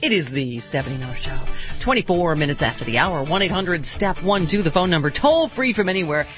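A woman's voice: lowish voice, animated, a little fast, soft background music. A woman hosting a radio talk show, joking and chatting casually with her guests. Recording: slightly dull radio broadcast audio.

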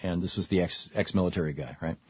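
A man's voice: low voice, quick pace, breathy edge, no echo. A man hosting a call-in radio talk show, talking in long rambling runs with frequent restarts. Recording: dull lo-fi radio broadcast.

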